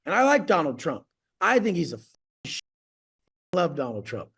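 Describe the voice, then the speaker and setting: A man's voice: fairly high pitch, sing-song, moderate pace, vocal fry, fairly bright tone, husky. A man coaching clients on a video call, ranting bluntly and profanely, boasting as he goes.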